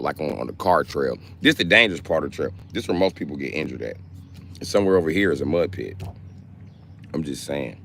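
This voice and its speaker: A man talks in a deep, low register. He streams live and jokes with his viewers in a brash, profane, trash-talking way. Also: a bit bright, slight background noise. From Milwaukee, Wisconsin. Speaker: livestreamer. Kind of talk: casual live-stream chat.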